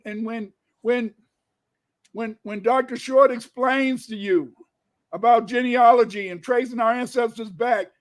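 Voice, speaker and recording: A man giving an emphatic lecture, reading from old documents, repeating phrases and sometimes shouting. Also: very high voice. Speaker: guest lecturer.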